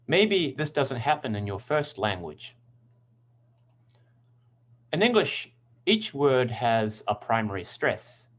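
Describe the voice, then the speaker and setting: A man teaching English pronunciation in a scripted lesson, speaking clearly and deliberately and stressing example words. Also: mid-range voice, big pitch swings, a bit bright, highs cut off.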